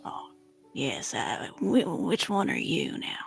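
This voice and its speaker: A woman's voice: mid-range voice, big pitch swings, unhurried, gravelly, breathy edge, soft background music, exaggerated voice. A woman voicing a tinkerer character in a whispered role-play, drawling and hesitant. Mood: wry. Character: character named Nayland, a gruff tinkerer.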